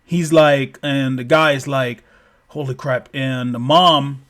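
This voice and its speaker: A man's voice: mid-range voice, fairly even intonation, slow, fairly bright tone. A man telling a story casually, rambling with lots of "like" and swearing freely.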